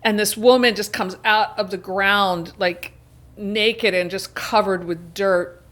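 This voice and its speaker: Woman, host, casual film chat, mid-pitched, chatty plot recap. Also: fairly even intonation, fairly bright tone. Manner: chatty, retells plot with quick asides.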